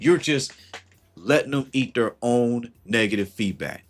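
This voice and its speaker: A man's voice: mid-range voice, expressive, a little slow, faint music behind. A man talking casually on a livestream, giving slangy advice and greeting viewers as he goes. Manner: conversational and slangy, greets chat viewers mid-thought.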